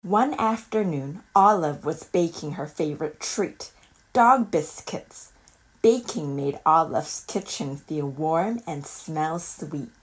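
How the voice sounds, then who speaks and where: A woman reading a children's picture book aloud in a calm, measured storytelling voice. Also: low voice. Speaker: storybook reader.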